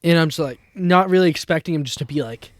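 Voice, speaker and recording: A man's voice: fairly high pitch, quick pace, no room sound. Casual storytelling young man, dry close sound. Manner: animated storyteller, acts out quotes, swears casually. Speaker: podcast co-host. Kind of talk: casual chat.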